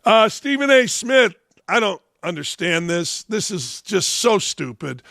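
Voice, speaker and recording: A man's voice: high voice, big pitch swings, a little slow, vocal fry, sharp tone, no echo, studio quality. A man in his sixties from Northwest Indiana hosting a sports commentary show, blunt, combative and profane, a little under the weather. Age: 60s. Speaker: host.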